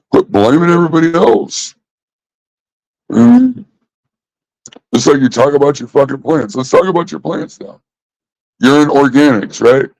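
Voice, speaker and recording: A man's voice: on the low side, normal speed, long pauses, a little mellow. Guy ranting on his vlog, fed up, cussing a lot, dry sound no echo. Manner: exasperated, profane, repeats himself. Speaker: vlogger. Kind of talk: casual rant.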